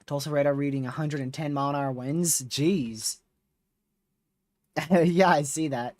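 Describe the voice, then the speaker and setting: A man's voice: on the high side, fairly even intonation, a little slow, a little mellow, no echo. A man hosting a live severe-weather stream, talking casually with viewers while reading radar, his voice starting to wear out. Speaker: livestream host.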